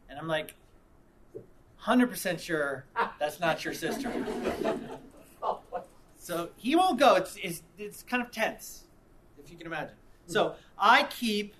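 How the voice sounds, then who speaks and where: A man preaching, mixing reflection with an animated story in which he acts out the people involved. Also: a little high, normal speed. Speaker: pastor. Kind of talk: sermon with storytelling.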